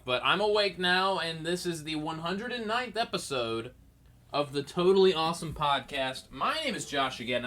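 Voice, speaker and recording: Slightly high and bright, this young man's voice carries a forceful tone as he rambles on his own podcast. He's groggy from just getting up and jokes at himself throughout.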